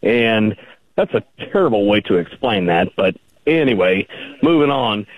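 A man calling in to a radio talk show, arguing his points slowly and deliberately. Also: on the low side, expressive, no echo. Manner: slow and gravelly, argues point by point. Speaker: caller. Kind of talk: phone-in caller on talk radio. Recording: tinny phone line.

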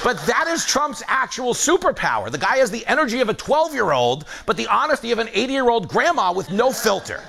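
A man's voice: extremely high pitch, a little fast, gravelly, hardly any pauses, noisy background. A man hosting a late-night comedy monologue, joking and acting incredulous in front of a live studio audience. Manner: animated, joking, mock-incredulous.

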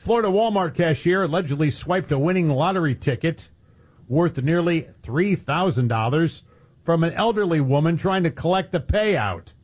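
A man co-hosts a talk radio show, his voice husky and a little breathy. He retells the day's news in a wry, sarcastic tone, trading banter with his partner. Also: fairly high pitch, expressive, normal speed, a little mellow. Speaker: radio co-host. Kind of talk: casual radio chat, reading news stories.

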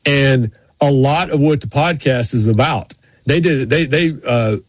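A man's voice: medium pitch, unhurried, no echo. A middle-aged man, co-hosting a podcast, who tells rambling stories full of restarts. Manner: rambling storyteller with many restarts. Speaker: podcast co-host. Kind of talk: casual chat.

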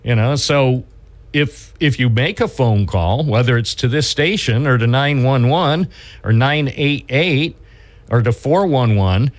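A man's voice: mid-range voice, lively intonation, a little slow. Rambling male radio talk show host. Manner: rambling, restarts his sentences. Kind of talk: casual radio chat.

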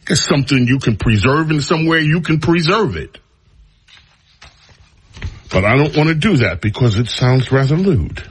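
A man's voice: mid-range voice, moderate pace, long pauses, breathy edge. A male radio talk show host giving an opinionated, mocking monologue. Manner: mocking, drawling, animated.

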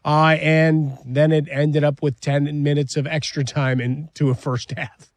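A man's voice: on the high side, flat delivery, measured pace, dry recording. A man co-hosting sports talk radio, rambling through his points with many fillers.

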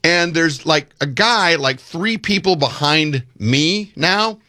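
A man casually telling a long story on a podcast, animated and acting out the people in it. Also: a little high, slow pace. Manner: animated, acts out voices, rising loudly when quoting himself.

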